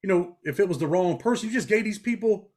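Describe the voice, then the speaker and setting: Fast-talking New man, blunt and streetwise. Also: high-pitched, a little mellow. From New York. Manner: blunt street talk, frequent "man" and "bro". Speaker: interview guest, former prisoner. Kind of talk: casual interview storytelling.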